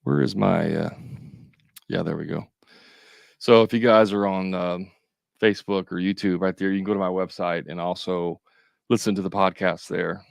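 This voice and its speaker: A man's voice: deep voice, fairly even intonation, normal speed, creaky, long pauses, dry recording, studio quality. A man coaching contractors in a casual livestream, talking straight to viewers with joking asides.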